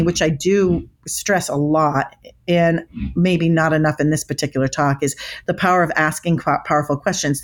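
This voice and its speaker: Middle-aged female expert guest, slightly low pitch, animated and emphatic storyteller. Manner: emphatic, restarts words often. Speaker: body language expert guest.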